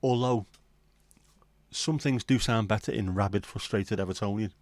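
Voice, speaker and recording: Middle-aged guy on a late night stream, swears a lot, low voice, dry close sound. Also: normal speed, a little mellow, no room sound. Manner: swearing, rambling banter with chat. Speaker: livestream host. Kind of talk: casual late-night livestream chat.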